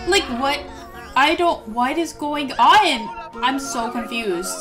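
A woman casually talking through her gameplay in a high, light voice. She is excitable and giggly and fills pauses with ums. Quiet music plays underneath her. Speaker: gameplay video host. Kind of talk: casual game commentary.

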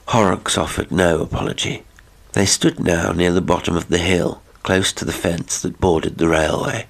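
A man reading a classic horror story aloud as an audiobook narrator, in measured, dramatic storytelling. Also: low voice, fairly even intonation, gravelly.

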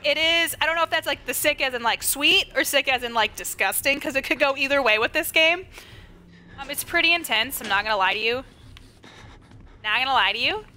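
A woman's voice: high voice, bright, forceful tone, a little hiss or hum. A young woman streaming a game live, chatting to the game and greeting her viewers. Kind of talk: live gameplay commentary.

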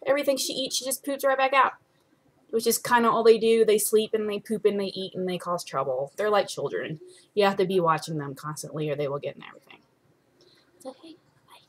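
A woman's voice: fairly low pitch, a bit bright. A young woman chatting casually to her followers at home, rambling with many ums and swearing offhandedly. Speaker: vlogger.

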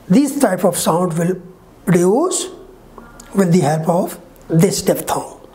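A woman teaching English phonetics in an online lecture, slowly drawing out each example sound. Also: fairly low pitch, animated, warm tone. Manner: slow, deliberate, drawn-out example sounds.

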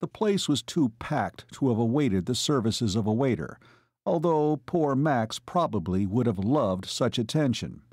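A man narrating a novel as an audiobook, telling the story in a measured way. His pitch sits in a middle range with lively movement. The recording is close and dry. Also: husky, no echo. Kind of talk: scripted narration.

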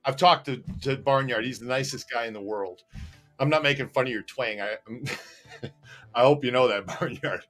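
A man co-hosting a casual livestream, telling stories with animated energy, often laughing and reading out viewer comments. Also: mid-range voice, normal speed, faint music behind. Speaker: co-host. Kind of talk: casual livestream chat and storytelling.

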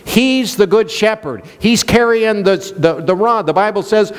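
A man's voice: high-pitched, a little slow, clean tone, in a large hall. A male pastor preaching a sermon, questioning the congregation and joking with them. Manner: playful, jokes and laughs.

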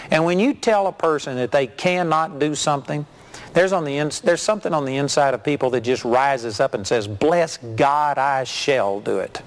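A middle-aged man preaching a sermon, telling folksy, animated stories. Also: medium pitch. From Texas.

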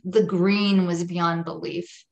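A woman's voice: on the low side, level tone, slow pace, gravelly, dull audio. Woman, podcast guest, personal testimony, earnest, vivid, emphatic repetition. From Jewish home.

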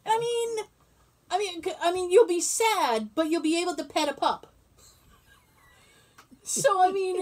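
A woman's voice: very high-pitched, unhurried, long pauses. A woman co-hosting a podcast, telling stories in casual chat and laughing often. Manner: animated storyteller, laughs often. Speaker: podcast co-host.

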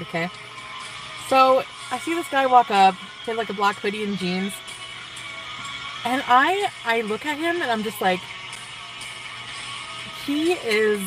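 A young woman vlogger with a slightly high voice chats casually to viewers, gushing giddily with lots of likes and sighs. The recording is rough, with a distant mic and music playing behind her.

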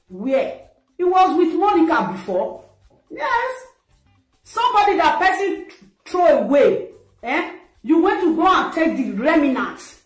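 A Nigerian woman giving a scolding, mocking social media rant that slips into pidgin. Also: high-pitched. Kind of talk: ranting commentary. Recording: echoey room with faint music.

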